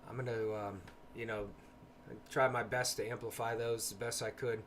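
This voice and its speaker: A man of ordinary pitch talks in a low-key, hesitant way, pausing often with ums as he hosts a casual livestream. A faint hiss of background noise sits under his voice from a home computer mic. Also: level tone. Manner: soft-spoken, hesitant with many ums. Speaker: paranormal livestream host.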